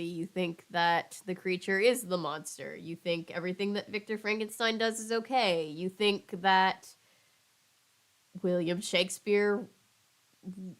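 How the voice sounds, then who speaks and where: A woman's voice: mid-range voice, poor audio. A young woman casually reading a children's book aloud with wry, chatty asides. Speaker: channel host.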